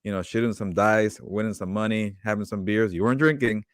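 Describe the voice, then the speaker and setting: A man with a low voice trades dry, teasing banter in a casual sports chat. The sound is close and dry. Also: steady tone, fairly quick, dry recording. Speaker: podcast co-host.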